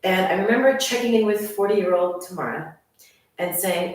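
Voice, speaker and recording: A woman's voice: medium pitch, moderate pace, far from the mic. Chatty woman in a very echoey room. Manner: chatty, upbeat, addresses listeners as friends. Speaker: fitness instructor. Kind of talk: casual channel introduction. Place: room at home with workout gear.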